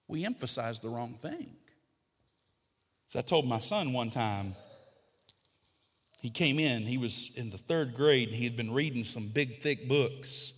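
A middle-aged man delivers a sermon from the pulpit, his voice bright and forceful. He climbs into emphatic, repeated declarations, then drops to a calm, confiding teaching tone. A long reverb from the large sanctuary trails behind every phrase. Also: mid-range voice, a little slow, pauses often, husky. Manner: builds to emphatic, rising repetition then drops to quiet conversational teaching. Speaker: pastor.

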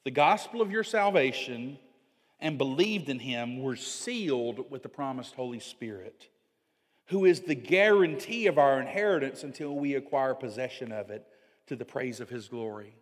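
A middle-aged pastor preaching a sermon, swinging from loud emphatic lines to hushed, near-whispered storytelling. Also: male voice, mid-range voice, expressive, moderate pace, big-room sound.

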